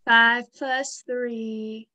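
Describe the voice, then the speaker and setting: Bright, slow-talking woman player. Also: on the high side, little pitch movement. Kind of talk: casual tabletop game play.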